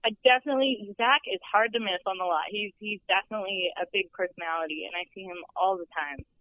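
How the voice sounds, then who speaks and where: A woman's voice: medium pitch, quick pace, bright, forceful tone, a little hiss or hum. Bubbly, chatty young woman. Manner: chatty and bubbly, laughs often. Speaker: studio tour guide. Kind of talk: casual podcast interview. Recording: dull lo-fi podcast audio.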